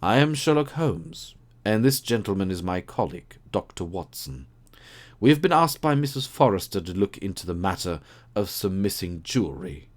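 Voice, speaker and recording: A man's voice: low voice, sing-song, moderate pace, voice pushed up. A man reading an audiobook, voicing a keen, precise male detective who explains his deductions. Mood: assured. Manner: crisp, assured, explaining.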